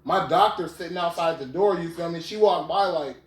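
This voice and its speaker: A man in his twenties hosts a podcast, his voice a little high and fairly quick. He casually retells a story in slang, often checking "you feel me." It sounds roomy, recorded from a distant mic.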